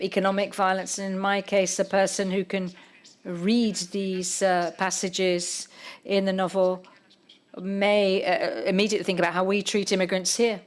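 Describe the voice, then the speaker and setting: Thoughtful woman novelist on a panel. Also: mid-range voice. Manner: thoughtful, searching for words. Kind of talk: public literary conversation.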